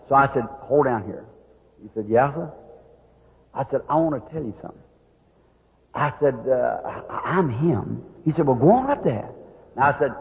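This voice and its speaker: Folksy high-voiced preacher on tinny tape. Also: male voice. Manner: folksy, animated, acts out quoted voices. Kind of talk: sermon storytelling. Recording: tinny old hall recording.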